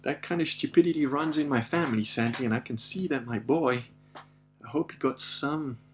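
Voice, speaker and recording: A man's voice: medium pitch, normal speed, faint music behind. A middle-aged man casually telling a story, acting out the voices of the people in it, laughing often and swearing now and then. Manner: animated, acts out voices in his anecdotes, laughs often, swears. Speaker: podcast host.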